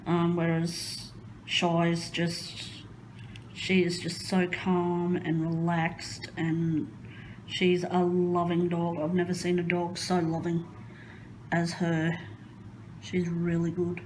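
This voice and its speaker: A woman's voice: on the low side, monotone, slow pace, a little mellow, a little hiss or hum, poor audio. A woman chatting casually while crafting at home, rambling and hesitant with many ums. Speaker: crafting vlogger.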